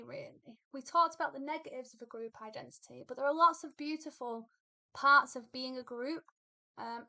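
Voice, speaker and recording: A woman's voice: sits high, pushed and bright. A woman teaching a poetry lesson, explaining patiently and thinking aloud with fillers and repeated phrases. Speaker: English literature teacher.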